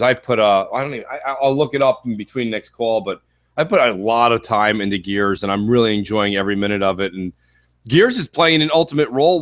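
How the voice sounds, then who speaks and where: A man co-hosting a casual gaming call-in show, giving opinions in quick banter. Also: mid-range voice, a bit bright, no echo. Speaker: podcast co-host.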